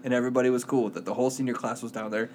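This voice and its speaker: A man's voice: medium pitch, soft background music. A man co-hosting a podcast, casually retelling a movie plot with lots of acted-out quotes and laughter. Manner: animated storyteller, acts out quotes in quick put-on voices, laughs often. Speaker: podcast co-host.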